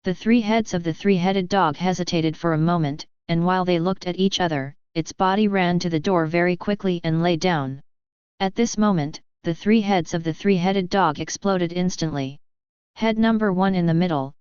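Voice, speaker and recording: A woman reads a fan-fiction audiobook in a steady, even manner. Her voice is low and exceptionally clear, recorded dry and close with a slightly dull, lo-fi sound. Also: normal speed, no room sound. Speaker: audiobook narrator. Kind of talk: scripted narration.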